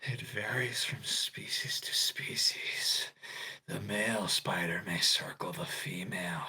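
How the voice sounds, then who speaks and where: A man voicing a creepy male superhero in whispered role-play, with a slow, hushed, monotone whisper. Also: sits low, slightly rough, pitched below the performer's own voice, full character voice, rough recording.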